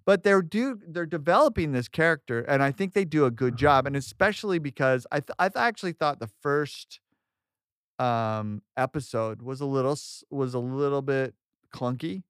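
Enthusiastic rambling man, mid pitch. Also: animated, moderate pace, smooth, no room sound, studio quality. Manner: enthusiastic, rambling, restarts often. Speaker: podcast co-host. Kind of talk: casual chat.

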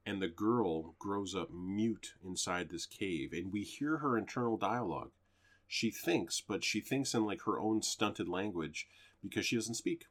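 A man's voice: lowish voice, expressive, unhurried. A man co-hosting a podcast, casually chatting and loosely retelling a movie plot with fillers and the odd swear. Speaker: podcast co-host. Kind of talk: casual chat reviewing movies.

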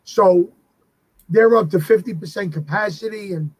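Husky high-voiced man telling stories. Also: normal speed, no echo, poor audio. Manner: animated anecdotes with frequent restarts. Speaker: guest entertainer and tribute performer of a famous singer. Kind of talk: casual storytelling interview.

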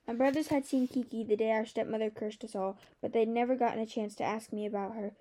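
A woman reading a novel aloud as an audiobook narrator, in a measured storytelling manner. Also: a little high, steady tone, dark tone. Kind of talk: scripted narration.

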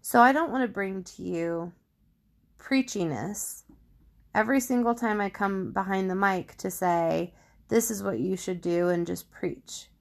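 Slow, gravelly-voiced woman podcast host. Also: mid-range voice. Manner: candid, reflective storytelling with frequent restarts. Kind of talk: personal faith podcast talk. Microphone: studio microphone.

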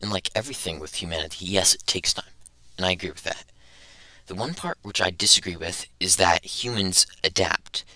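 A man's voice: deep voice, a little fast, pushed and bright, no room sound, poor audio. A young man hosting a casual podcast, rambling and thinking aloud as he goes. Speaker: podcast host.

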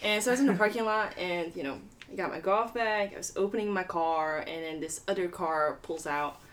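A woman's voice: on the low side, a little fast, a bit bright. A woman in her twenties, a professional golfer, chatting casually and telling stories with frequent laughter. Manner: chatty storyteller, laughs often. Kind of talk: casual chat.

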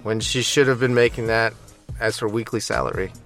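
A man's voice: lowish voice, brisk, fairly bright tone, soft background music. A man co-hosting a casual podcast with friends, joking around and sometimes putting on a mock ad-read voice. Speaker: podcast co-host. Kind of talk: casual chat among friends.

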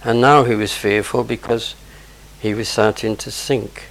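A man's voice: fairly low pitch, steady tone, a little slow, gravelly, a bit bright, a little hiss or hum, low-quality recording. A man preaching a sermon, explaining scripture verse by verse with conversational asides.

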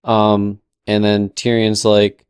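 Rambling young man, low and smooth. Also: monotone, slow pace, a little mellow, no echo, studio quality. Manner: rambling, with filler and sarcastic quoted asides. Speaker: podcast co-host. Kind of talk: casual recap chat.

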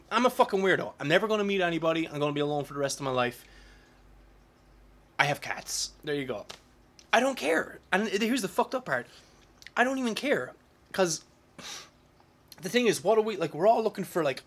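A man in his thirties talking straight to camera in a casual, rambling monologue, swearing often and restarting his sentences. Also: a little high. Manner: profane, rambling, frequent restarts and filler words. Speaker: vlogger.

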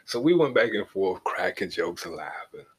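Husky-voiced man, middle-aged, podcast host, low register, casual and profane storytelling. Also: very animated, normal speed. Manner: loose and profane, leaning on "you know what I'm saying"; shifts from laid back to heated as the story builds.

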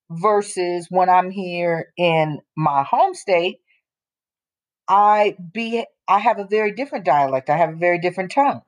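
A woman with a fairly low voice co-hosts a casual talk show. She speaks bluntly and with emphasis, slowing down to drive her points home. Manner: emphatic, blunt, drops into slow deliberate points. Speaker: co-host. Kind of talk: casual opinion chat.

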